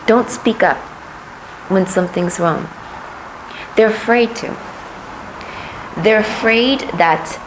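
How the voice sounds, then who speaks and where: Woman, political candidate, soft low voice lacking volume, earnest, repeats words to build her points, faint background noise. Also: vocal fry, low-quality recording. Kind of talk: interview answers.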